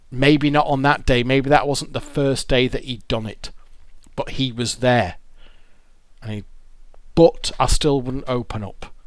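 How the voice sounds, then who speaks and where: A man speaks to camera outdoors beside a road, telling a raw, confessional story full of swearing and stumbling restarts. His voice sits at an ordinary middle pitch. The sound is dry and close, with no room echo. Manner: raw, emotional, sweary, halting with repeated words.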